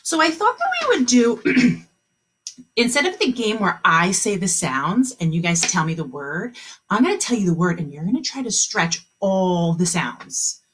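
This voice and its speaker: A woman teaching a kindergarten phonics lesson on a video call, speaking slowly and encouragingly and stretching out the sounds of words for young children. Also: medium pitch, sing-song, a bit bright, slightly rough.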